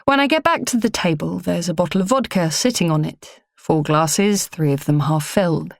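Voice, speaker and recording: A woman reading a first-person audiobook in a measured, low-key delivery. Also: expressive, creaky, no room sound, studio quality. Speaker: audiobook narrator.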